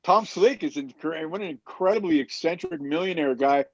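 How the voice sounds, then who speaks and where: A man's voice: a little high, moderate pace, no echo. Guy telling a wild story on a podcast, does all the voices, kinda muffled dry audio. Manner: animated storyteller who acts out quotes. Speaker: roundtable guest. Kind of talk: casual storytelling. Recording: dull muffled dry sound.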